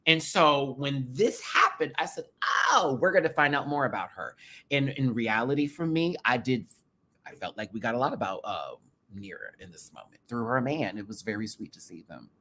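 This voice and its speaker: A man with a sassy, animated way of talking, commenting casually to camera on a reality show. He uses drag slang and jumps from loud bursts to hushed asides. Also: mid-range voice, normal speed. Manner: drag slang, calls viewers sister and baby. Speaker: drag race show reviewer, channel host.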